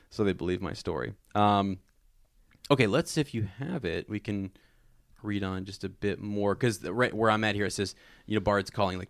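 Chatty low-voiced man in a book chat. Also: normal speed, a bit bright, no room sound, studio quality. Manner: chatty, rambling, repeats words. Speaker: podcast co-host. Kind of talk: casual book discussion.

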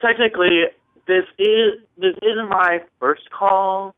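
A man from Washington State leaving a giddy, rambling voicemail for a podcast, squealing in falsetto now and then. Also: fairly even intonation, slow pace, no room sound. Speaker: voicemail caller. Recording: tinny dry phone line.

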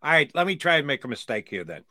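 A man with a very bright, cutting voice throws energetic, provocative questions at his guests. The recording is dry and close, with no room sound. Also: on the high side, quick pace, no room sound. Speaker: podcast co-host. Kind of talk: casual sports podcast chat.

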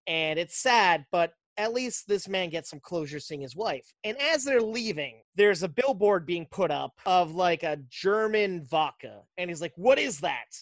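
A podcast host tells a film's story in a loose, animated way, now and then dropping into little voices for the characters. The voice sits at an ordinary pitch and is recorded close and dry, with almost no room sound. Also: measured pace, hardly any pauses, dry recording. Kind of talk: casual movie recap.

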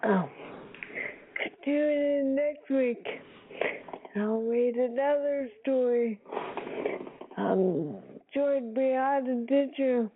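A woman host reading a children's story aloud in a slow, careful read-aloud way. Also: a little high. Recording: tinny phone-like sound with faint hiss.

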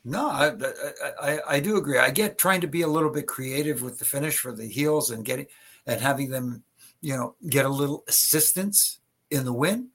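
A man's voice: medium pitch, normal speed, fairly bright tone, slightly rough. A middle-aged man, a former wrestling referee, chatting on a podcast and telling anecdotes with many stammered restarts. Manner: chatty storyteller with frequent stammered restarts and laughter. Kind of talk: casual podcast chat, anecdotes.

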